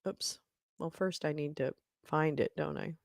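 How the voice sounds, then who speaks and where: A woman's voice: low-pitched, a little slow, vocal fry, dry recording, studio quality. A woman hosting a casual livestream, chatting in a scattered way and swearing and laughing as she fumbles with her setup. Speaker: livestream host.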